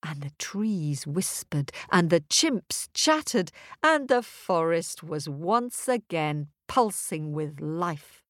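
Woman, storyteller, expressive, rhythmic, unhurried, dry sound. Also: fairly low pitch, no echo. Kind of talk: storytelling for children.

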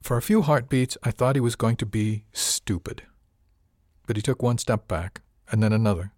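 A man narrating a first-person story in a measured way, giving characters light voices. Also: mid-range voice, a little mellow, no echo, clean studio sound. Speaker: audiobook narrator.

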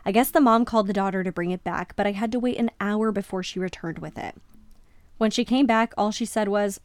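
A woman podcast host reads a listener's story aloud on a podcast microphone, then reacts to it with lively, emphatic comments. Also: mid-range voice, fairly quick, no room sound.

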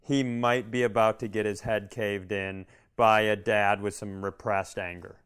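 A man co-hosting a casual chat, jumping in with quick jokes and references. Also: fairly low pitch, level tone, a bit bright, clear, resonant tone. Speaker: podcast co-host.

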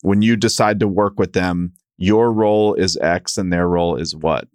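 A man with a lowish voice hosts a casual interview, breaking in with short reactions and loose, rambling questions. He sounds dry and close in the room. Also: moderate pace, darkish tone, smooth, dry recording. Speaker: podcast host.

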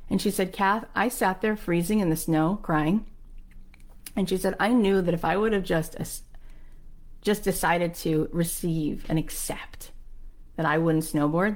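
A woman's voice: on the low side, a little slow. Passionate woman telling stories. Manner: passionate storytelling with acted-out quotes; emphatic. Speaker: podcast host. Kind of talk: motivational monologue.

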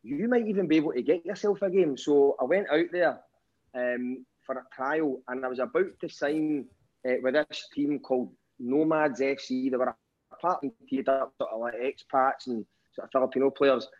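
Over a dull, lo-fi phone line, a Scottish caller with a Glasgow accent spins a laid-back yarn full of self-mocking humour and plenty of swearing. He speaks in a mid-range voice at a moderate pace.

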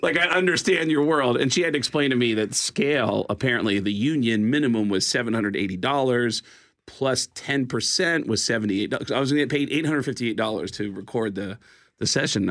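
A man, a comedian and voice actor, telling lively comic stories as a radio guest and jumping into quoted voices. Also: brisk, dry recording, clean studio sound. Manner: lively, jumps into high-pitched quoted voices. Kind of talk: animated comic storytelling.

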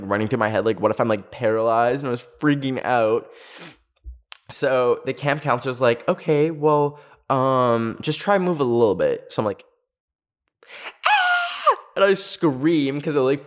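Young male storyteller, casual and rambly, mid pitch, lots of fillers. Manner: rambling, heavy use of filler "like". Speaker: storytelling video host.

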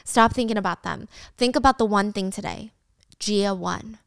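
A woman reading the lines of a gentle young male executive in a calm, measured way. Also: mid-range voice, gravelly, clean tone, dry recording, studio quality, natural voice.

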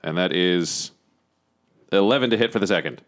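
A man's voice: low voice, moderate pace, slight background noise. A man playing a tabletop game, joking casually about his dice rolls. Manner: joking, lively. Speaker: player.

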